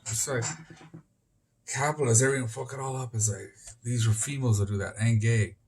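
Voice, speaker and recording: A man's voice: medium pitch, steady tone, a little fast, darkish tone, slight background noise. A man being interviewed outdoors on the street, talking in a rambling, disjointed way that jumps between topics.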